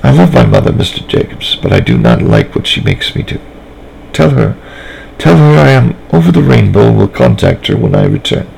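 A man reading a story aloud, voicing a serious young girl who speaks in a measured, formal way. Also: fairly low pitch, very animated, gravelly, a little mellow, a little hiss or hum, exaggerated voice, low-quality recording. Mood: composed. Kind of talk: fan fiction reading aloud.

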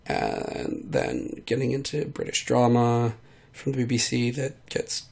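Gravelly man rambling while sick. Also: mid-range voice, level tone, measured pace, darkish tone. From United States. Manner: meandering, trailing off, many fillers. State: sick, voice hard to control. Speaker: vlogger. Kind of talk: rambling casual monologue.

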